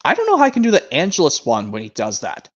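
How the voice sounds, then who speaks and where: A man's voice: on the high side, wildly swooping pitch, fast. Rambling young man on a dull mic. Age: young adult. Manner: hesitant, rambling with restarts. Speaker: streamer. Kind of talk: casual chat.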